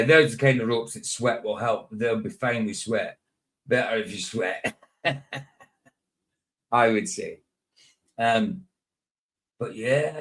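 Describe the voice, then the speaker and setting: A man's voice: medium pitch, gravelly, fairly bright tone. A man hosting a live stream in casual, rambling chat, often chuckling and talking to himself.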